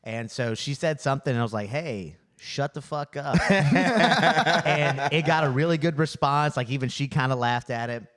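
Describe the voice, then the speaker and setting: A man with a Louisiana accent tells a story on a comedy podcast. His talk is loose, relaxed and chatty, and he sits at a middle pitch. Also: moderate pace. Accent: Southern US (Louisiana). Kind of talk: casual podcast chat.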